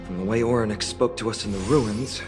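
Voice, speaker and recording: A cautious young adventurer, voiced by a man, weighs the dangers ahead in a measured, serious tone. It is game dialogue, and music plays clearly behind him. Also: on the low side, steady tone, close to an everyday voice. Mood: wary. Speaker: game character.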